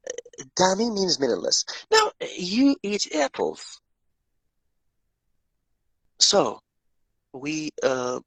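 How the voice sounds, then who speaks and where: A man's voice: mid-range voice, pushed and bright, slightly rough, dry recording, rough recording. A male professor lecturing on grammar, explaining step by step, often repeating himself and quizzing his students. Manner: asks students questions.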